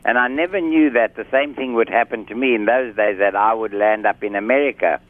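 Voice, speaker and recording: Over a tinny phone line, a South African-accented doctor appears as a guest in a radio interview. His mid-range voice is brisk and the recording dry, and he talks in a formal yet chatty, self-assured manner.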